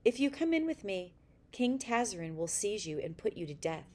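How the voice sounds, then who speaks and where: A woman's voice: mid-range voice, very animated, moderate pace, a little mellow. A woman voicing a kindly, hopeful old man who tells stories, speaking with patient reassurance. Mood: earnest. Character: kindly old male storyteller, hopeful and gentle.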